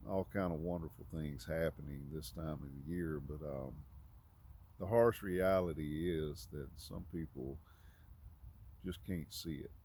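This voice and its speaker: A man giving an informal, conversational sermon, halting often with fillers and restarts. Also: a bass voice, mellow, a little hiss or hum. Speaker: preacher.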